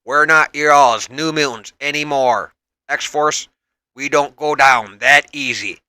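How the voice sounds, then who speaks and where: A man's voice: on the high side, normal speed, sharp tone, no room sound, pitched above the performer's own voice. A man voicing a firm, fierce young male team leader in a comic read-aloud, giving commanding calls.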